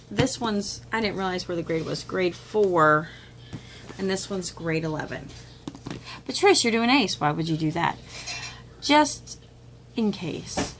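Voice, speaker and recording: A woman's voice: medium pitch, a little hiss or hum. A middle-aged woman vlogging at home about homeschool books she picked up, talking casually and acting out the voices of people she quotes. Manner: chatty and animated, acts out quoted voices with laughs and whispers. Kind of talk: casual chat, showing a curriculum haul. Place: home room with children nearby.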